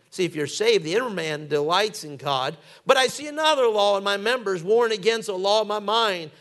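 A man's voice: high-pitched, fairly bright tone. A man preaching a sermon as pastor, driving points home with repetition and calls to the congregation, reading scripture in old-fashioned phrasing.

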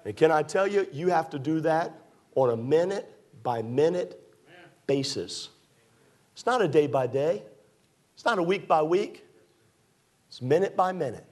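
A man preaching a fervent sermon in a church, with a repetitive, rising cadence that climbs toward near shouts. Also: on the high side, animated, measured pace, pauses often. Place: church sanctuary.

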